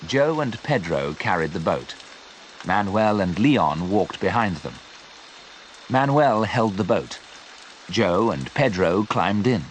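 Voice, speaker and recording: Man, slow clear narration, lively pitch, simple storybook reading for learners. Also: slight background noise.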